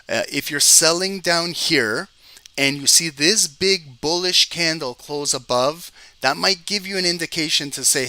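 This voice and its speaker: A man's voice: fairly high pitch, measured pace, bright, forceful tone, no echo. A man giving live screen-share trading commentary, talking straight to his viewers, exasperated, often repeating words as he explains. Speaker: trading educator.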